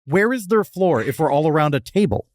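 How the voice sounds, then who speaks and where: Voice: medium pitch, big pitch swings, brisk, darkish tone, no room sound. Dry, skeptical podcast host. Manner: skeptical, dry, keeps asking questions. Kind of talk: casual chat.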